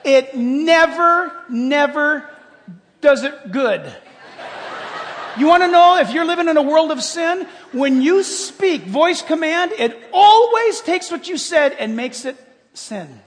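High-voiced older male preacher in a reverberant hall. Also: slow pace. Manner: animated, swings from loud exclamations to hushed asides. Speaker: pastor. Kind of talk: sermon.

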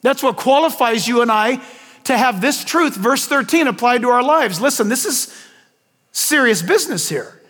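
A man's voice: very high-pitched, animated, normal speed, fairly bright tone, big-room sound. An older man preaching a sermon to his congregation, asking them questions and adding folksy asides about grandchildren. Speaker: pastor.

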